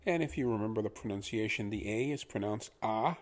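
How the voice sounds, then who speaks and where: A man teaching pronunciation in a patient lesson, repeating each word slowly for the listener to copy. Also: fairly low pitch. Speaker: language teacher.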